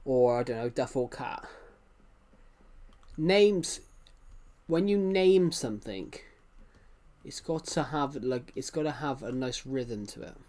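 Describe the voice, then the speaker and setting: A man's voice: mid-range voice, slow pace, long pauses, darkish tone. A young man chatting casually with viewers during a game live stream, rambling and often correcting himself. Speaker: livestreamer.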